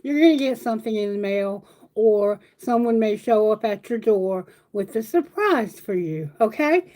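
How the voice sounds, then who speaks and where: A woman's voice: medium pitch, lively intonation, moderate pace, warm tone, low-quality recording. A woman reading tarot on a casual livestream, chatty and affectionate, talking to her viewers. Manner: chatty, affectionate, sings song lyrics herself. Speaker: tarot reader.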